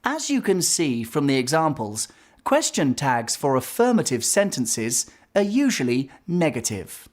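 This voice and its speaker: Woman teacher explaining grammar, slow and clear, lots of pitch movement. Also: very animated, a little mellow. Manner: clear, explaining, reads examples aloud. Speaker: English teacher. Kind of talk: grammar lesson narration.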